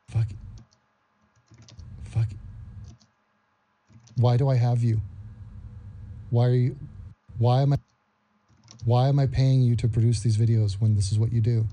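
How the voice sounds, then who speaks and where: A man's voice: mid-range voice, little pitch movement, unhurried, long pauses, warm tone. A man hosting a ranting reaction commentary, sarcastic and repeating his phrases again and again. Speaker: commentary host.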